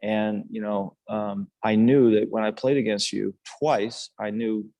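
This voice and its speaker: A man's voice: lowish voice, steady tone, a little slow, warm tone, no room sound. An older man, a former national team player, telling his story casually on a podcast, earnest and rambling with many restarts and fillers.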